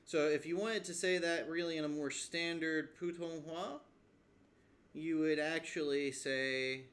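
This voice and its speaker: Slow halting man explaining phrases. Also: fairly high pitch, fairly even intonation, a bit bright. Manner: slow, halting, thinks aloud with fillers and restarts. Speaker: language learner explaining lessons. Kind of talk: casual video lesson.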